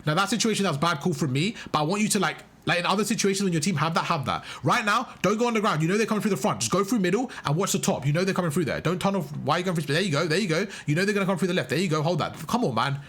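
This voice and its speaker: A man's voice: sits high, lively intonation, rapid-fire, hardly any pauses, a bit bright, breathy edge. A young man coaching a player live through a match, emphatic and full of praise, repeating his instructions. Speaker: game coach. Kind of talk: live gameplay coaching commentary.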